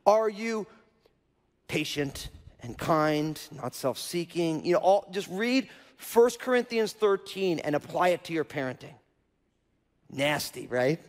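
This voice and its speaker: Casting: male pastor with a high voice, chatty sermon delivery, church hall with long reverb. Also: animated, takes it slowly. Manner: conversational preaching with frequent rhetorical "right?". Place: church auditorium.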